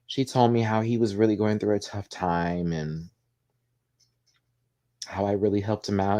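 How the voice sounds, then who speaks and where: Guy on a livestream, kinda teary, lowish voice, real candid and cussing. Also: fairly even intonation, moderate pace, pauses often, mellow. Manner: candid, heartfelt, swears freely. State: tearful, emotional. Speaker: livestream host. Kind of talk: casual live chat reading comments.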